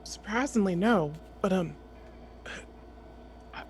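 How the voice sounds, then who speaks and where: Slow, lilting player voice reading poetry. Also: medium pitch, a little hiss or hum. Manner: slow and expressive, whispering some lines. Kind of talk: ASMR tabletop game and slow poetry reading.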